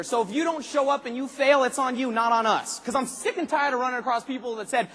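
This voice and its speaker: A man giving an animated motivational speech to a large convention crowd, asking the audience rhetorical questions and acting out voices. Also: very high-pitched, quick pace, hardly any pauses, big-room sound. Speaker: motivational speaker at a sales convention. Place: large arena convention hall.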